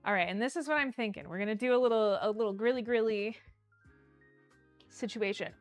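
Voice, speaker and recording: A woman hosting a casual cooking livestream, bubbly and excitable as she talks to her chat from her kitchen. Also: medium pitch, a little fast, long pauses, dry recording, faint music behind. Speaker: livestream host. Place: home kitchen.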